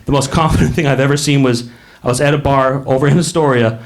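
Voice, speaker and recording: A man's voice: mid-range voice, steady tone, fast talker. A man doing a stand-up comedy set on a club stage, telling rambling stories and acting out the voices of people in them. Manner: rambling storytelling, acts out quoted voices. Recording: live club with crowd laughter. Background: audience laughter.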